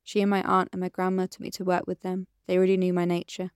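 A woman voicing a tender woman who pleads softly and shares old memories in an audiobook. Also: lowish voice, completely flat delivery, quick pace, clean tone, no echo, studio quality, close to an everyday voice. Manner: soft and pleading. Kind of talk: audiobook character reading.

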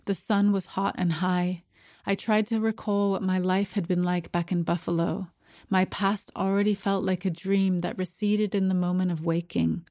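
Low, even-voiced woman narrating. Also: no room sound, clean studio sound. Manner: measured, even storytelling. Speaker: audiobook narrator. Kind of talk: scripted first-person narration.

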